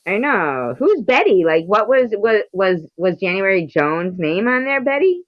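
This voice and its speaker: A woman's voice: mid-range voice, big pitch swings, measured pace, no echo, lo-fi sound. Woman podcast co-host, chatty and teasing, dry close mic. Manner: chatty, teasing, trails off mid-sentence. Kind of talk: casual chat.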